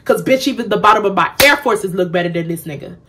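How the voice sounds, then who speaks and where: A young woman vlogger telling a storytime, blunt and profane, animated as she acts out what others said. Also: mid-range voice, quick pace, a little hiss or hum. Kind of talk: storytime vlog.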